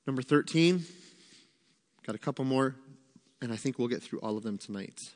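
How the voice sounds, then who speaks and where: A middle-aged pastor delivers a sermon in a conversational, emphatic teaching style, repeating key lines to drive them home. His mid-range voice moves at a normal speed, and the sound suggests a big room.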